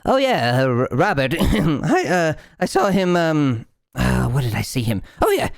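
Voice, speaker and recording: A man voicing a crude, scatterbrained male goblin cook who rambles and then yells. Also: on the high side, huge pitch swings, measured pace, gravelly, dry recording, clean studio sound, full character voice. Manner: rambling, easily distracted, then shouting.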